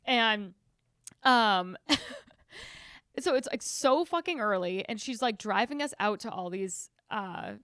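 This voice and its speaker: A woman co-hosting a podcast, telling a story in casual chat, animated and swearing freely. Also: on the high side, slow, pauses often, dry recording, studio quality. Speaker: podcast co-host.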